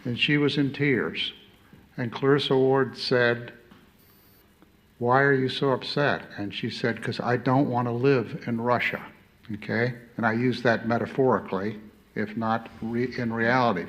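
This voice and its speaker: A man's voice: medium pitch, normal speed, a bit bright. A middle-aged man, an ambassador on a conference panel, making his point emphatically with rhetorical questions and repeated "okay?".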